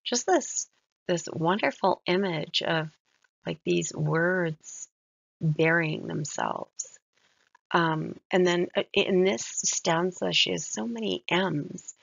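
Slow, gravelly woman lecturing. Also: fairly low pitch, dry recording. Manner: reflective, admiring, soft-spoken. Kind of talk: recorded mini-lecture on a poem. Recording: dull lo-fi dry recording.

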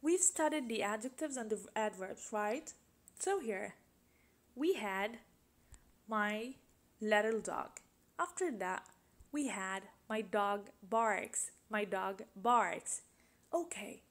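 A woman's voice: mid-range voice, slow. A woman teaching an English grammar lesson, patiently asking questions and repeating example sentences.

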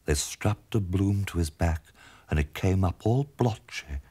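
A man voicing a dreamy, eccentric middle-aged gentleman, mournful and drifting into whispers, on a comic spoken-word record. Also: low voice, a little slow, husky, dry recording. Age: 40s.

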